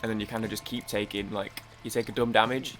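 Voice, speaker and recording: A man's voice: lowish voice, little pitch movement, fast talker, a bit bright, slight background noise. Rambling man gaming. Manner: rambling, self-interrupting, swears casually. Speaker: gaming YouTuber. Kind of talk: casual let's-play chat.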